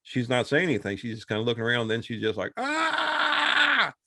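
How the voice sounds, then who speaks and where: A man's voice: fairly low pitch, very fast, very noisy. A man casually retelling a movie, rambling along and acting out the characters' lines. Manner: rambling, animated retelling with acted-out quotes. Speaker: podcast co-host. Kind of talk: casual chat.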